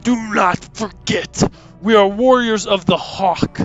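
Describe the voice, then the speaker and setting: A man reading the lines of a huge, menacing male demon warrior, slow and stern, on dull lo-fi audio. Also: high voice, fairly bright tone, full character voice. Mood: stern, threatening. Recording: dull lo-fi audio, faint music.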